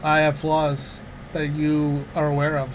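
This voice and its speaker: A man in his thirties with a slightly higher voice tells loose, profane stories on a comedy podcast. He talks in a casual, animated way with lots of restarts. A faint hiss sits under the recording. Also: a little slow. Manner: rambling, profane, animated anecdotes. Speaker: podcast co-host.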